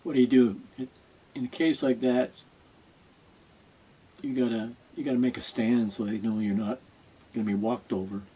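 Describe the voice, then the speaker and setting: Husky, mellow male host, casual reaction commentary, asks rhetorical questions. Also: mid-range voice, steady tone, moderate pace, long pauses, rough recording.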